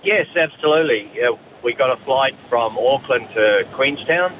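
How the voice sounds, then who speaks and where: A man calling in to a radio show, calmly recounting a trip. His voice sits at a middle pitch. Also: normal speed, slight background noise, low-quality recording. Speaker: caller. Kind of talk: radio phone-in.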